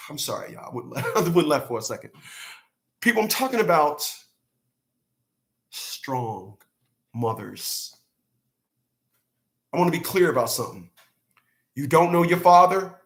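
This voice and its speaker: A male channel host delivers a blunt, profane, preachy rant straight to the camera for his viewers. His voice runs on the high side and is very animated, though he speaks a little slowly and pauses often.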